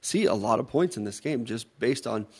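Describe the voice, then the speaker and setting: A man's voice: mid-range voice, lively intonation, normal speed, darkish tone, breathy edge. A man co-hosting a podcast, chatting casually about college football bets, teasing and laughing often. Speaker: podcast co-host. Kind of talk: casual sports betting chat.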